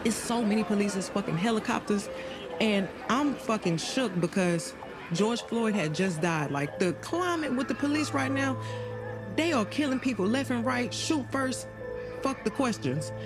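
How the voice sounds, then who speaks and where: A woman voicing an adult woman who bluntly recounts being shot, in profane first-person narration for an animated video. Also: fairly high pitch, moderate pace, lightly acted. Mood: shaken. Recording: narration over loud music.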